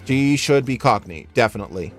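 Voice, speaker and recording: A man's voice: mid-range voice, lively intonation, fairly quick. Guy doing chill let's play commentary, jokey, voice bounces around, faint game music. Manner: playful, joking asides. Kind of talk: casual gameplay commentary.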